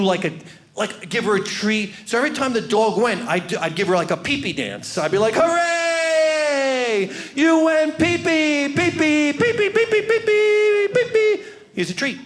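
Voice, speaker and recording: A male comedian works a stage through a handheld mic. His voice sits high and swings widely, and he talks in an animated way, shouting some lines for effect. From New York. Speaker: stand-up comedian. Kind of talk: stand-up comedy routine.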